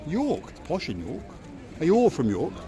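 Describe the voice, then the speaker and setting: A man's voice: on the high side, huge pitch swings, normal speed. Teasing man over crowd noise. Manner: jokey, teasing banter. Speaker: vlog host. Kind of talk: casual street chat with passers-by. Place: outdoor seaside harbour promenade in the evening. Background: crowd chatter.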